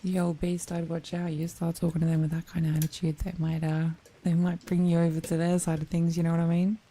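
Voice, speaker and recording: A woman streamer in a whispered role-play, chatting playfully and softly with viewers and often giggling. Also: on the low side, little pitch movement, a little fast, slight background noise, rough recording.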